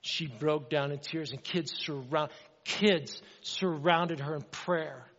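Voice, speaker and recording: A man's voice: a little high, steady tone, takes it slowly, fairly bright tone, long reverb tail, lo-fi sound. A man preaching a sermon in an earnest, conversational way, often asking the congregation questions. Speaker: pastor.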